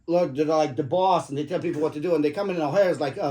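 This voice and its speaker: A man's voice: on the high side, fast, warm tone. A middle-aged father telling rambling, profane stories to his family at the dinner table. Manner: rambling, profane, jokey anecdotes. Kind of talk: casual storytelling at the dinner table.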